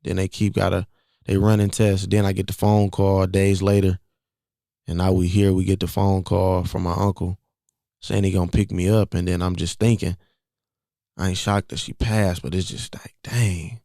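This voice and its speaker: On his podcast, a twenty-something host with a gravelly, dark, fairly low voice shares something from his own life in a relaxed, conversational way, returning again and again to key phrases. He keeps a level tone and normal speed, recorded close and dry without any room sound.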